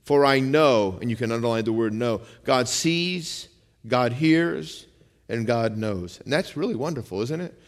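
A male pastor preaching a sermon in a conversational style, dropping low and quiet for some lines and rising for emphasis, asking the congregation for amens. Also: animated, moderate pace. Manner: conversational preaching, calls out amen; shifts between quiet low lines and raised emphatic ones. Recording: long hall reverb.

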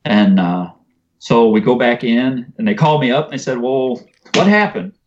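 A man's voice: mid-range voice, moderate pace, a little mellow, a little hiss or hum. A man guest telling a personal story in an earnest, conversational way. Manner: earnest, conversational, uses "you know" and "man". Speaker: podcast guest. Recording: muffled lo-fi sound.

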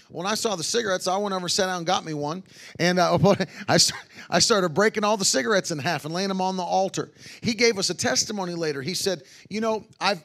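A man's voice: sits high, a bit bright. A man, a traveling revival preacher, telling testimonies with fervor and bursts of hallelujah. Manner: fervent, exclaims hallelujah, quotes others in his own voice. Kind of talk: testimony-driven sermon storytelling.

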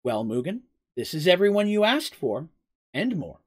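Narrator voicing Mercy, a gentle courteous woman. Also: mid-range voice, sing-song, moderate pace. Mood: polite. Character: kind, gentle woman, polite guide.

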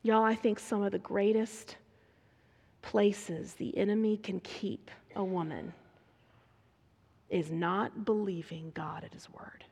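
A woman preaching a sermon, dramatic and swinging between hushed whispers and loud emphasis. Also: medium pitch, fairly even intonation, takes it slowly, creaky, pauses often, husky. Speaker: speaker preaching to a women's gathering. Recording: long reverb of a large hall.

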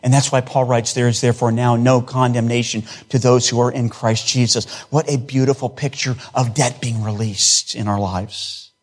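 A male pastor delivers a sermon with earnest conviction. He leans on repeated phrases to build emphasis. His voice sits at an ordinary middle pitch. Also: flat delivery, normal speed, hardly any pauses.

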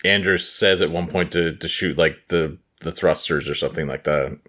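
A man co-hosting a casual podcast, speaking haltingly as he searches for words. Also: rumbling low, a bit bright. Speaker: podcast co-host. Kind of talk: casual chat.

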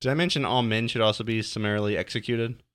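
A man's voice: fairly low pitch, steady tone, fast, a bit bright, smooth, dry recording, studio quality. A man co-hosting a podcast, chatting casually over a movie and tossing out absurd joking one-liners. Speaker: podcast co-host.

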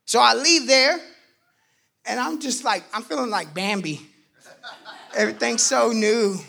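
A man telling his personal faith testimony in an animated way, acting out the voices in his story and bursting out loud at times. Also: very high-pitched, unhurried, vocal fry, a little hiss or hum. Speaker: testimony speaker.

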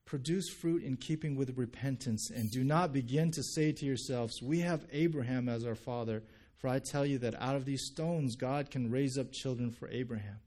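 A man pastor preaching a sermon, animated, acting out people's reactions and reading scripture aloud. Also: medium pitch, normal speed. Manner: animated, acts out quoted reactions.

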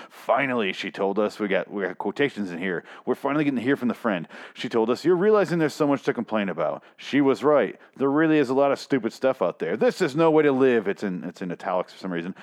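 A man reading an article aloud and mocking it, sarcastic and heavily profane, often stumbling over the words. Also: lowish voice. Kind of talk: profane comedic reading and commentary.

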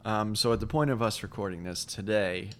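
A man's voice: lowish voice, fairly quick, fairly bright tone, slight background noise. A man co-hosting a podcast in casual chat, rambling and laughing often. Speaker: podcast co-host.

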